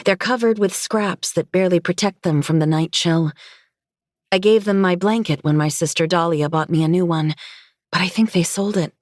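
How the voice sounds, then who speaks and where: An audiobook narrator with a low voice reads a dark novel in the first person at a moderate pace. The recording is dry and studio-clean.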